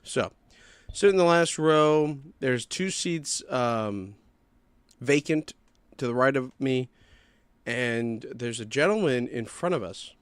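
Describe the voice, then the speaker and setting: Young male podcast host, animated and profane storyteller, dry studio sound. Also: medium pitch, slow pace, clean tone, dry recording. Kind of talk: casual storytelling.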